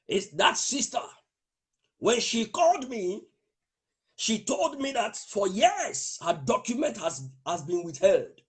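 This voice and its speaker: Fervent male preacher declaring prophecy, high voice with big swings in pitch. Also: sing-song, slow pace, slightly rough. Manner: fervent, declaring, with spells of speaking in tongues. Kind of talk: prophetic sermon with testimony.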